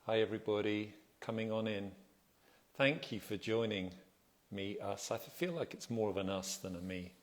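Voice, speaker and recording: Soft-spoken man hosting a livestream. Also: lowish voice, normal speed. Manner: chatty, greets viewers and reads out their comments; relaxed, soft-spoken, self-deprecating. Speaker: livestream host. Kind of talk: casual livestream chat. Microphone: phone livestream.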